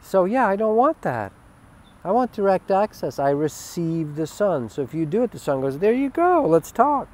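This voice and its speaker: A man giving a spiritual webcast monologue, emphatic and rambling, swinging from loud declarations to hushed asides. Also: a little high, animated, moderate pace. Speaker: spiritual teacher.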